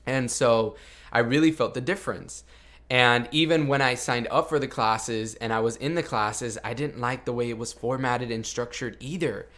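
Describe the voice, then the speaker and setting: A man's voice: medium pitch, moderate pace, fairly bright tone. A young man hosting a podcast, telling a personal story in an earnest, confessional way with lots of "like". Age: young adult. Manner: earnest and confessional, heavy use of "like". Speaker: podcast host. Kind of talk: casual storytelling.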